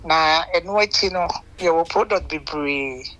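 A Ghanaian shop owner talks as a guest on a community radio show, making an earnest pitch at an even pace. The voice sounds bright and sharp. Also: measured pace, lo-fi sound. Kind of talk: promotional radio interview.

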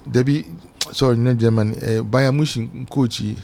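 Gravelly man hosting sports radio. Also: medium pitch, normal speed, slight background noise. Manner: relaxed, frequent backchannel replies. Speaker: radio host.

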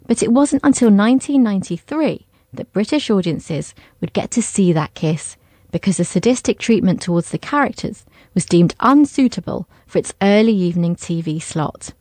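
A woman giving scripted documentary narration in a clear, measured delivery. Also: medium pitch, expressive, warm tone, no room sound.

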